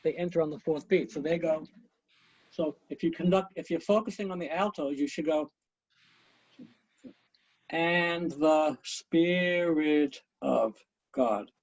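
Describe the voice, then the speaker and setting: A man's voice: on the high side, fairly even intonation, fairly quick, a little mellow, slightly rough, no room sound. A man teaching an online conducting class over a video call, coaching students and counting beats aloud, with chatty asides. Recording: muffled lo-fi video call audio.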